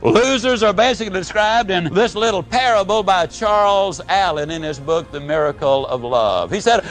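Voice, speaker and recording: A man's voice: animated, a bit bright, soft background music. A man giving a dramatic motivational speech. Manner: storytelling with dramatic pauses and big drops in pitch and volume. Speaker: motivational speaker.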